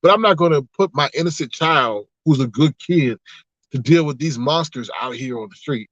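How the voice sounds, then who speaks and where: A man hosting a casual livestream, reading the chat and telling stories in an animated, exclamatory way, often laughing. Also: fairly high pitch, normal speed, no room sound. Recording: dull, slightly lo-fi, dry sound.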